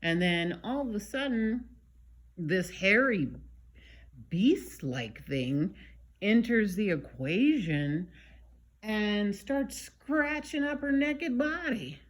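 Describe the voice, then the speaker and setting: Woman vlogger, unhurried casual recap, chatty and wry. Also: fairly high pitch. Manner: animated, chatty, with many fillers and side comments.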